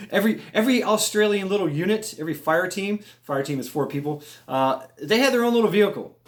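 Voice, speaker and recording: A man casually telling a long story, rambling and animated, swearing freely and making little sound effects as he goes. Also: high voice, normal speed. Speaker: vlogger telling a military story.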